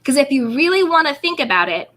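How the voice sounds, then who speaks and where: A woman's voice: high-pitched, big pitch swings, fast talker, a bit bright. A woman hosting an interview, talking casually and emphatically, leaning heavily on "like" and repeating words. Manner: emphatic, repetitive, fills with "like". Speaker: host.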